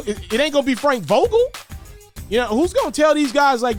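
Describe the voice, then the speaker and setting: High-pitched animated male sports commentator. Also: brisk, faint music behind. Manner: animated, repeats words, pitch jumps high for emphasis. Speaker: basketball commentator.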